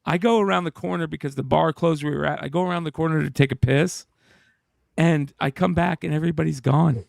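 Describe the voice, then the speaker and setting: Gravelly man telling a wild story. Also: on the high side, quick pace, no echo, clean studio sound. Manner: animated, profane storytelling. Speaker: show host. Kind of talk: casual storytelling chat.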